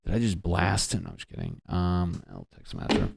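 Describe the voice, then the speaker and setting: A man's voice: low voice, wildly swooping pitch, a little fast, creaky, background noise. A man from Connecticut hosting a solo comedy podcast, riffing in a profane, self-mocking way. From Connecticut, USA. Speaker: podcast host.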